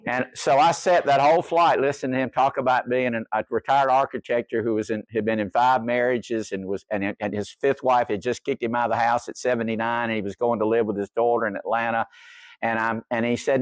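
A man's voice: mid-range voice, steady tone, fairly quick, no room sound. An older man preaching a sermon, telling a humorous story in a folksy way. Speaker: pastor.

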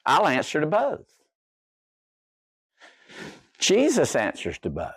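A man's voice: fairly high pitch, huge pitch swings, moderate pace, few pauses, fairly bright tone, slightly rough, dry recording. Folksy older male pastor, dry sound. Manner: folksy, humorous storytelling. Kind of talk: sermon.

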